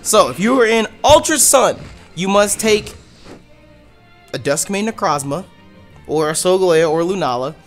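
A man hosting a let's play, giving casual gameplay commentary in an animated, exasperated way and swearing freely. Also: high-pitched, moderate pace, long pauses, faint music behind.

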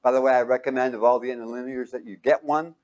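Male Bible teacher, mid-pitched, excitable, quizzes his class with fill-in-the-blank questions. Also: fast talker, dull audio. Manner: excitable, with sudden exclamations.

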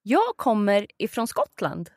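A Swedish woman with a Swedish accent teaching her native language, encouraging the learner and saying words clearly for him to copy. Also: mid-range voice, wildly swooping pitch, unhurried, no room sound, studio quality. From Sweden. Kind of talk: conversational language lesson.

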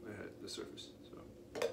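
Male drum teacher, unhurried and low, recorded in an echoey room with loud dish clatter behind. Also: heavy background noise. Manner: slow, relaxed, counts aloud while demonstrating. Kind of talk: casual instructional demo.

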